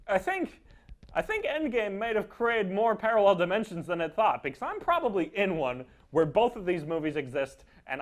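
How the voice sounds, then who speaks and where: A man's voice: high-pitched, big pitch swings, moderate pace. A young man co-hosting a campus TV show, reviewing a trailer with sarcastic, incredulous remarks. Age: young adult. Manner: sarcastic, incredulous, laughing asides. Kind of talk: mocking film review chat.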